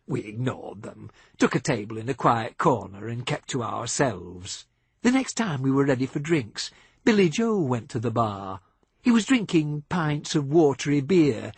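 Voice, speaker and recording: A man reading a novel aloud as audiobook narrator, measured and expressive, on a close studio mic. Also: mid-range voice, husky, no room sound.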